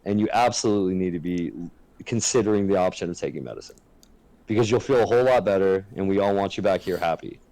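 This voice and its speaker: A man co-hosts a casual podcast in a frank, earnest way, swearing freely as he talks. His voice sits a little low, and the sound is close and dry with no room echo. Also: fast talker, mellow. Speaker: podcast co-host.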